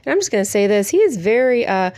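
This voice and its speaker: A woman's voice: mid-range voice, very animated, fast talker, darkish tone, no room sound, studio quality. Chatty woman reviewing a TV show. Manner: chatty and emotional, with frequent laughs. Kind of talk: casual spoken review.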